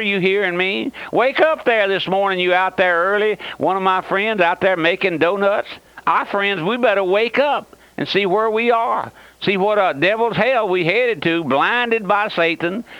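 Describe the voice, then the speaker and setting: A man's voice: a little high, fairly bright tone, dry recording, poor audio. An older man preaching a radio sermon, pleading fervently and speaking straight to the listener.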